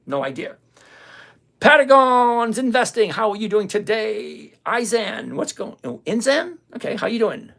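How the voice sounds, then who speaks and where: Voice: mid-range voice, very animated, unhurried, vocal fry, fairly bright tone. An older, retired investing host on a live stream, talking casually to viewers, reading their comments aloud and answering them bluntly and sarcastically, often repeating phrases for emphasis.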